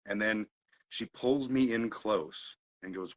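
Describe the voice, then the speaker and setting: A man hosting a casual chat, telling a story with lively swings between loud and quiet and frequent laughter. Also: fairly low pitch, slow pace, rough recording. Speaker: podcast host.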